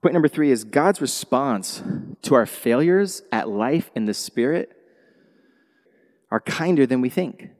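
A male pastor preaching a sermon in a church, animated, swinging from quiet asides to loud exclamations. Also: medium pitch, measured pace. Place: church sanctuary. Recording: long hall reverb.

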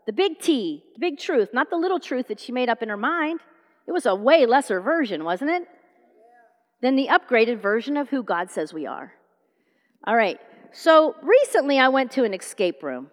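A woman's voice: a little high, moderate pace, long reverb tail. A middle-aged woman preaching a sermon, telling stories and acting out the dialogue. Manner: animated storytelling, acting out dialogue.

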